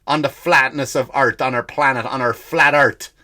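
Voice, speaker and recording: A man's voice: mid-range voice, steady tone, moderate pace, few pauses, sharp tone. A man hosting a comedy podcast, ranting in a profane, sarcastic monologue.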